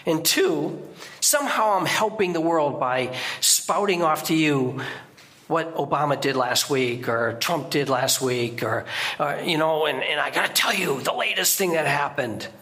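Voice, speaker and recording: A man preaching a sermon as a guest preacher in a church, in a conversational way with sudden emphatic rises in pitch. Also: lively intonation, measured pace, a bit bright.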